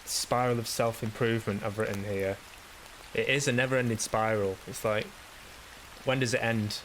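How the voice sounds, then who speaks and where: A man with a fairly low voice talks his way through a casual solo podcast monologue. He rambles with plenty of swearing and self-deprecation, and faint hiss sits underneath. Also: steady tone, normal speed, a bit bright, poor audio. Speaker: podcast host.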